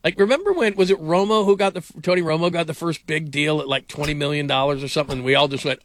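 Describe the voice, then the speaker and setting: A middle-aged man hosting sports talk radio who tells long, rambling stories full of fillers. His voice is bright and forceful and sits a touch high for a man. The sound is dry and close. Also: racing, hardly any pauses, no echo. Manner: rambling storyteller, heavy on fillers.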